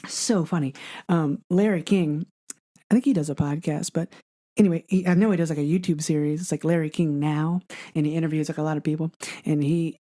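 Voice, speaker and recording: A man's voice: a little high, steady tone, a little fast, mellow. A man co-hosting a podcast in casual chat, rambling with lots of filler words and frequent laughs. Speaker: podcast co-host.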